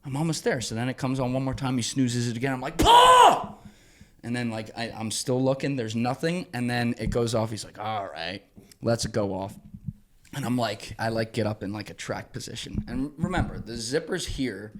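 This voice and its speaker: A young man, a podcast guest, telling a long story with lots of swearing and sudden shouted quotes, acting out the people in it. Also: mid-range voice, moderate pace, a little hiss or hum. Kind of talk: animated storytelling in casual conversation.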